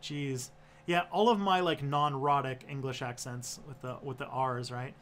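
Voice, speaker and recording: A man's voice: mid-range voice, fairly even intonation, measured pace, a bit bright. A man from Canada with a Toronto accent, rambling and restarting sentences in a casual chat as co-host.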